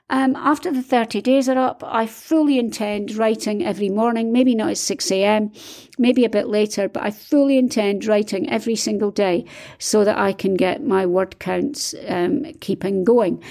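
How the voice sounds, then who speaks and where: A woman's voice: mid-range voice, warm tone. A Scottish woman, an author hosting a solo podcast, talking in an enthusiastic, chatty way with frequent ums and a slightly strained throat.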